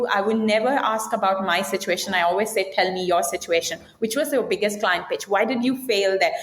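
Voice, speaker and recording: Woman executive guest, direct and animated, recorded with room echo. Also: medium pitch. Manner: direct, animated, quoting herself and others. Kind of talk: podcast interview. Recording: echoey room.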